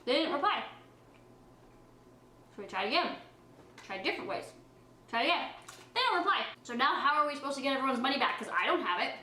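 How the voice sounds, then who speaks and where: A young woman with a high, bright voice talks to camera in a casual eating-show vlog. She chats loosely and sounds defensive and emotional, eating as she goes. The room gives her voice a noticeable echo. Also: a little fast, slight background noise. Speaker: beauty vlogger.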